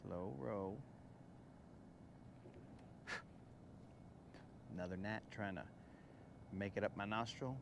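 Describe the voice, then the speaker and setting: A man hosting a casual fishing livestream outdoors on a boat on a lake, relaxed and slangy, chatting to viewers and coaxing the fish. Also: on the low side, takes it slowly, gravelly, long pauses, noisy background. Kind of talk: casual live-stream chat while fishing. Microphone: phone camera on the boat.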